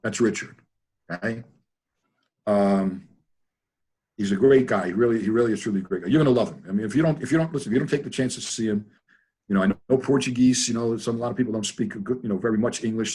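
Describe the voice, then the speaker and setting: An older man telling rambling stories in a casual, animated way over a video call. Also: fairly low pitch, fast, breathy edge. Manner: animated, rambling, repeats himself. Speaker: guest trainer. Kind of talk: casual storytelling.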